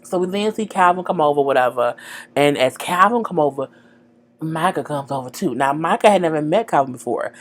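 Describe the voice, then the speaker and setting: Low-voiced woman chatting frankly. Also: animated, fairly quick. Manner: chatty and frank, lots of "girl" and "you know". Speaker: TV show recapper. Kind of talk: casual episode recap.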